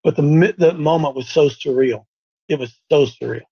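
A man hosting a faith talk show, telling a story in an animated, stumbling, repetitive way. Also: a little high, moderate pace, vocal fry, slightly rough, highs cut off. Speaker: host.

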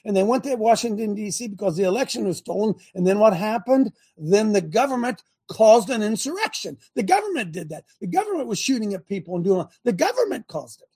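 A fired-up man hosts his own political talk show, firing the same rhetorical questions at his viewers. His voice is high for a man and gravelly, with a mellow, husky tone. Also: sing-song, a little fast, few pauses. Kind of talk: animated political commentary to viewers.

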